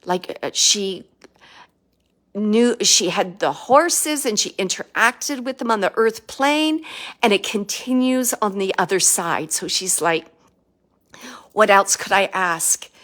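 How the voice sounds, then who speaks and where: A woman working as a psychic medium, giving a live spirit reading in a halting, emotional way with many fillers and restarts. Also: medium pitch, a bit bright.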